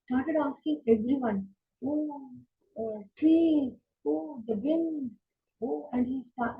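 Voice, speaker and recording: A woman storyteller narrating an epic tale for children, with a fairly high voice. She hesitates often with fillers. The sound is thin and phone-like, with the mids squeezed and the lows gone.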